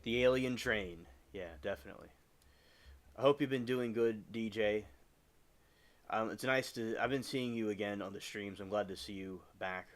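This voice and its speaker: A man with a lowish voice hosts a casual gaming livestream from home. He rambles along in a chatty way, often stopping and restarting his sentences as he plays. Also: moderate pace. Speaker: live streamer.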